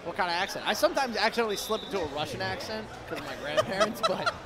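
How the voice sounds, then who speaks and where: A man calling an esports basketball game as play-by-play commentator, upbeat with quick stat call-outs. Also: high voice, very animated, over a noisy crowd. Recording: game sounds and noise behind.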